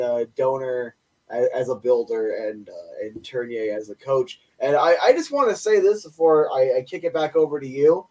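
Young guy cohosting a hockey pod, kinda high voice, eager and opinionated, mic a little far. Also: warm tone. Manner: enthusiastic, opinionated, quick stat rundowns. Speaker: podcast co-host. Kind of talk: casual sports podcast chat. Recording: voice a bit distant from mic.

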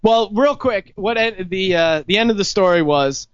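A man with a high, light voice tells jokey stories about himself as host of a casual pub chat. The sound is dry and dull, close and without room echo. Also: moderate pace, clean tone. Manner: jokey, self-mocking storyteller. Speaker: podcast host. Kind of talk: casual bar chat among friends.

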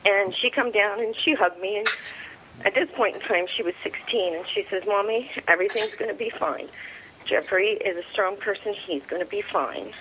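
A middle-aged woman giving an interview as a soldier's mother. She tells her story in a plainspoken, halting way, quoting what each person said. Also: medium pitch, fairly bright tone, a little hiss or hum, poor audio. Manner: plainspoken, retells events through quoted dialogue; halting, with frequent fillers and restarts.

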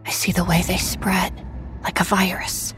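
Woman reading a scary story slow and low, flat delivery, half whispered. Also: soft background music, rough recording. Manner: slow and hushed, often dropping to a whisper. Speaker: narrator. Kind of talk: scripted horror narration.

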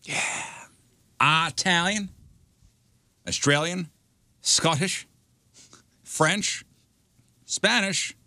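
A man's voice: on the high side, extremely slow, pauses often, pushed and bright, no room sound. A man hosting a casual radio show, reading out rankings while teasing and laughing with his co-hosts. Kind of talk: casual morning show banter.

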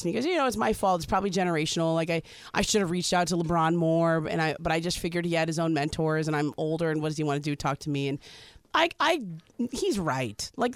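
A woman co-hosting a podcast, talking sports in a chatty, animated way. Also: fairly low pitch, no room sound, studio quality. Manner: chatty, animated, quick asides. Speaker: podcast co-host. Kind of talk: casual sports chat.

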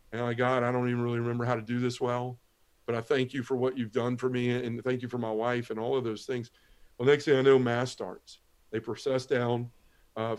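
Earnest man telling his life story. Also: medium pitch. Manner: earnest storytelling, Southern turns of phrase, acts out quoted lines. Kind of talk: personal testimony in a podcast interview.

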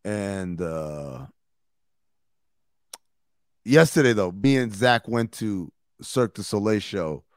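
A man's voice: fairly low pitch, slow, long pauses, no room sound, clean studio sound. A man co-hosting a podcast, telling stories in casual chat with lots of slang and swearing. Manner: animated storytelling, swearing and slang. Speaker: podcast co-host.

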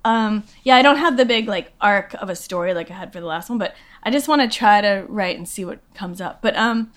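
A woman's voice: mid-range voice, lively intonation, brisk. A woman guest, an actress and comedian, chatting casually in an interview, rambling and self-deprecating with lots of fillers.

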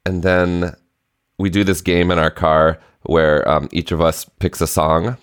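A man in his thirties co-hosting a chatty podcast, telling a story thoughtfully with frequent pauses and restarts. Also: deep voice, level tone, smooth, no echo, studio quality. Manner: reflective storytelling with many hesitations. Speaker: podcast co-host. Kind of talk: casual chat.

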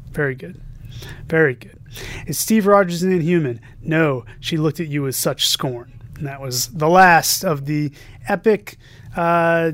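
Fairly high-voiced podcast dude reading fan messages, jokey, dry close mic. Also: male voice, dry recording. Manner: jokey, reads quotes aloud with playful emphasis. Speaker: podcast co-host. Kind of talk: casual podcast chat reading listener messages.

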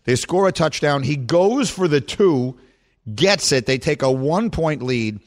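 A man's voice: on the high side, measured pace. Chatty male sports radio host. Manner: animated, chatty, playful with co-hosts. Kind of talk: casual sports talk radio.

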